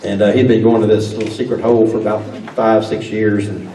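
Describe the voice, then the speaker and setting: Man, sheriff, folksy dinner speech, drawling, mellow tone, distant mic, faint hiss. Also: on the low side, little pitch movement, fairly quick. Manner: drawling, repeats words as he restarts. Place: banquet hall. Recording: echoey hall recorded from far off.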